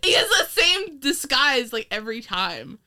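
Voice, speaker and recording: A woman's voice: high voice, sing-song, a little slow, bright, forceful tone. A woman from New York co-hosting a casual podcast chat, talking loosely with lots of laughter and casual swearing. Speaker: podcast co-host.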